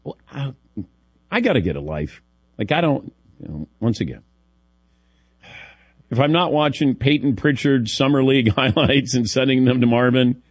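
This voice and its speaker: A man's voice: mid-range voice, lively intonation, normal speed, long pauses, breathy edge, dry recording, clean studio sound. A man from the Midwest hosting a sports radio show, telling stories in a wry, self-deprecating way and chuckling between lines. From American Midwest. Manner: wry, self-deprecating storyteller who laughs often. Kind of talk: casual sports radio banter.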